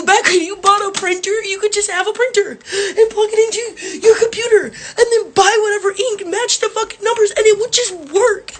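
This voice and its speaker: A woman's voice: extremely high pitch, fairly quick, a little hiss or hum. A woman, a mother, ranting angrily and swearing while crying. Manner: angry, profane ranting. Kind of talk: ranting phone video.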